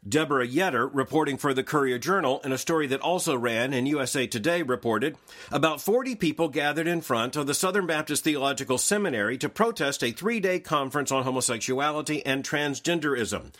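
A man hosting a daily news analysis show, reading scripted commentary in a measured, formal way. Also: medium pitch, lively intonation, fairly bright tone.

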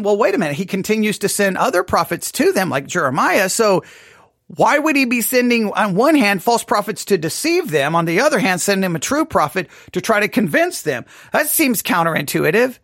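A man's voice: high voice, sing-song, normal speed, a bit bright, no room sound, clean studio sound. A man teaching a Bible study class, thinking aloud and asking many rhetorical questions.

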